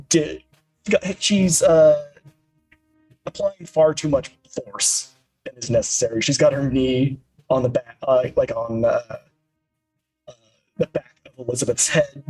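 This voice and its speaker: A man running a tabletop game as game master, narrating the action at a middling pitch. He pauses and hesitates often. Faint music plays underneath. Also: steady tone, a little mellow, rough recording. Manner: hesitant, many fillers.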